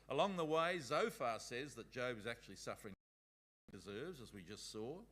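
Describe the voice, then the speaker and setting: A man teaches a Bible school class in a relaxed, conversational way. He reads passages aloud between his own remarks. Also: mid-range voice.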